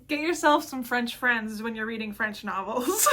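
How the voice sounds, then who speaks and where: Excited American woman book vlogger. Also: fairly high pitch, normal speed. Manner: excited, rambling, gushing. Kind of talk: casual chat.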